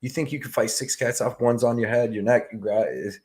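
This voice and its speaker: A man with a picked-up Southern US accent, co-hosting a casual live stream and telling animated stories full of "like" and "man". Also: mid-range voice, a little fast. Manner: animated, storytelling, lots of "like" and "man". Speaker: co-host.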